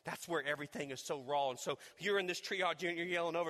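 A man preaching a sermon as pastor, dropping to hushed low talk and rising to loud, fervent peaks, often repeating words as he builds. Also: quick pace, hardly any pauses. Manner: repeats and restarts words when fired up. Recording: long reverb of a large hall.

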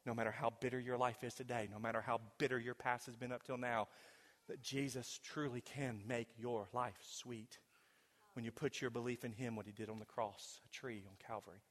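A man preaching a sermon in a church, telling a story dramatically and swinging between loud and hushed delivery. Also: medium pitch, steady tone, a little fast. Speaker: pastor. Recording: long hall reverb.

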